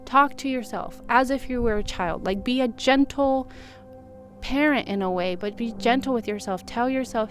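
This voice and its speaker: Gentle, reflective woman with faint music. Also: fairly high pitch, normal speed. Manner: gentle, reflective, soothing when quoting self-talk. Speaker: vlogger. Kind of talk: casual self-help talk to camera.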